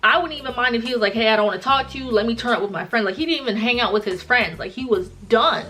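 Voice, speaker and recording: A woman's voice: fairly high pitch, fast talker, bright, forceful tone, slight background noise. A woman vlogger retelling a personal story in a casual, chatty way, full of "like" and fillers.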